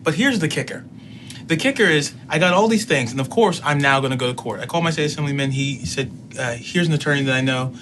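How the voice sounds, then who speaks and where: A man's voice: a little high, fast, fairly bright tone, slight background noise. A middle-aged man telling a personal story in casual speech, acting out both sides of a conversation.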